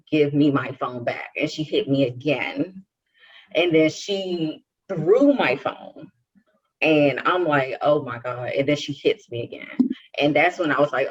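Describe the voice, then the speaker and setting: A woman's voice: low voice, slightly rough. A young adult woman co-hosting a podcast, telling a personal story and acting out the dialogue with animation. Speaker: podcast co-host. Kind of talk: casual chat, personal story. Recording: dull lo-fi sound.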